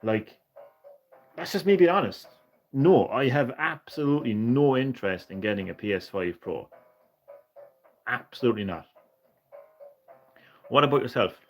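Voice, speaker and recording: A man's voice: mid-range voice, lively intonation, moderate pace, pauses often, soft background music. A man streaming a retro game, chatting with viewers in a sweary, ranting way. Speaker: gaming streamer. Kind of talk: casual live-stream chat.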